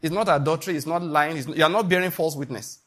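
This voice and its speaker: A man's voice: fairly high pitch, fast, fairly bright tone. A middle-aged Nigerian man preaching a sermon, emphatic, asking the listeners questions and acting out little scenes.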